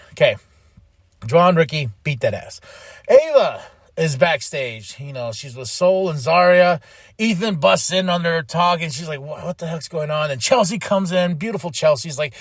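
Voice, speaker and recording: A male podcast host recaps wrestling in a loose, chatty style full of fillers and restarts, acting out wrestlers' lines in big, exaggerated voices. His voice sits a bit high and is expressive, at a moderate pace, with dry, close-mic sound.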